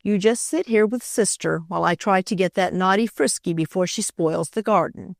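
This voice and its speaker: A kind, motherly aunt on a farm who speaks gently and reassuringly, played by a woman reading aloud. Her voice sits in a middle register. The sound is dry and close. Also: medium pitch, moderate pace, creaky, no room sound, lightly acted.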